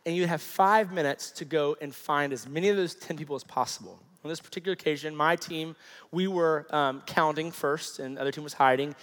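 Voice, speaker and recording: A man in his thirties, a pastor telling a personal story in a sermon, animated and conversational with lots of fillers. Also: on the high side, a little fast. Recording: long hall reverb.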